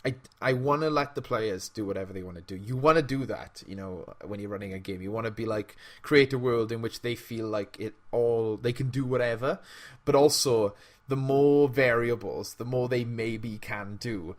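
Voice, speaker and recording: Speaking at a moderate pace with a medium-pitched voice, this man co-hosts a podcast. His talk is loose and casual, full of lively anecdotes and frequent bursts of laughter.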